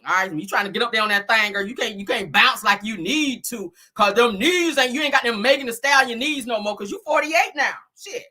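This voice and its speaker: A woman's voice: a little high, a little fast, few pauses. A woman in her forties hosting a casual celebrity gossip vlog, talking to viewers with profanity and frequent laughter. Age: 40s. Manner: animated, profane, laughs often, addresses viewers as girl and child. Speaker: host.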